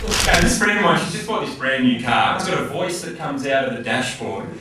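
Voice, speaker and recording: An Australian man, a guest comedian, telling jokes and stories in a deadpan way. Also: mid-range voice, fairly quick, very echoey, recorded from a distance, background noise. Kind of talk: casual storytelling. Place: outdoors in a forest.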